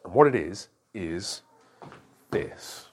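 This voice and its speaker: A man's voice: sits low, lively intonation, slow pace, breathy edge. A middle-aged man, a pastor, teaching a church class in a conversational way and often checking that listeners follow.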